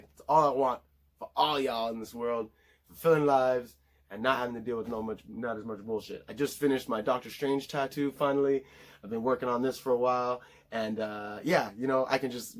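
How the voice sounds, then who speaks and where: A man vlogging a blunt, heavily profane commentary rant, heated and casual. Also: mid-range voice.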